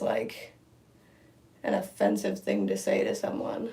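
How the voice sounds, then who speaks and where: A woman's voice: mid-range voice, very animated, slow, creaky, pauses often, warm tone. A young woman in a casual livestream at home, ranting frankly with lots of fillers and swearing while she does her makeup. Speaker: livestream host. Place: home room.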